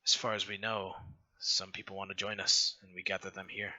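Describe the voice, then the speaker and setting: A man voicing a weary male rebel leader who talks in a gruff, grim, worn-down way. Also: low voice, little pitch movement, a little fast, sharp tone, highs cut off, heavily acted. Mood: brooding.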